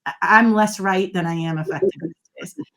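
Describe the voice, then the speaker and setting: A middle-aged woman speaks as an interview guest, her voice sitting at an ordinary pitch for a woman. She explains ideas with lively emphasis and tells stories with plenty of energy. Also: normal speed. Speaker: guest, body language expert. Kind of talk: conversational interview.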